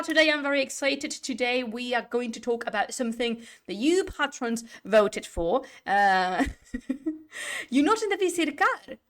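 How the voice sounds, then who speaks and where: A woman's voice: on the high side, fairly bright tone. A woman live-streaming from home, chatting casually with viewers, rambling and restarting her sentences while sitting back from her desk mic. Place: home room. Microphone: desk mic, sitting away from it.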